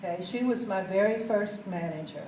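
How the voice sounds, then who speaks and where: A woman's voice: medium pitch, moderate pace, darkish tone, slight background noise. Give me a folksy woman speaking to a group, heard far off in a roomy space. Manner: folksy, chatty, asks the audience questions. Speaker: sales manager telling her story. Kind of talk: storytelling talk to a group. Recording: echoey room, mic far off.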